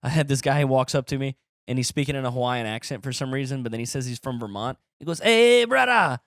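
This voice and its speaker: A man's voice: medium pitch, fast, no echo, clean studio sound. A man from Appalachia, a stand-up comedian hosting a podcast, telling loose, profane stories and acting out the voices of people he met. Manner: animated, swearing, laughing, acts out quoted voices. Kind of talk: casual comedic storytelling.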